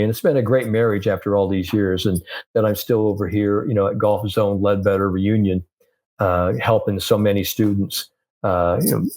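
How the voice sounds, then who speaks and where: Lively older male storyteller. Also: on the low side. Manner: lively storyteller acting out quoted voices. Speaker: sports psychologist guest. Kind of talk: animated anecdote in a podcast interview.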